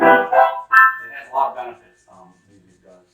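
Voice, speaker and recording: A man's voice: medium pitch, completely flat delivery, measured pace, bright, forceful tone, recorded from a distance, soft background music. Middle-aged male musician, rambling casual talker, off-mic in a roomy space. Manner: chatty, rambling with many fillers and restarts. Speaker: musician guest. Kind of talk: casual conversation. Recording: roomy echo, from away from the mic.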